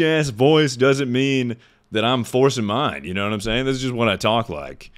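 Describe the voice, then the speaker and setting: Chatting casually with livestream viewers, a man with a deep, animated voice speaks at normal speed. He tosses out sarcastic jokes and asides, often sounding like he's making announcements.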